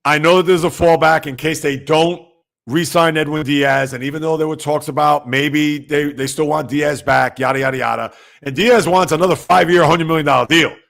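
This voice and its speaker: A man hosting a sports talk livestream at home, speaking loudly and emphatically, rambling conversationally and answering viewer comments. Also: a little high, steady tone, moderate pace, vocal fry. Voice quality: loud, emphatic delivery. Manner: rambling, conversational, talks back to chat.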